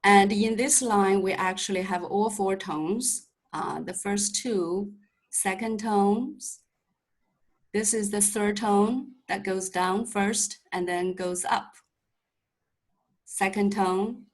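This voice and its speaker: A woman's voice: medium pitch, fairly even intonation, takes it slowly, rough recording. A woman teaching a Mandarin lesson over a video call, explaining patiently step by step with light humor. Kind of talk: online language lesson.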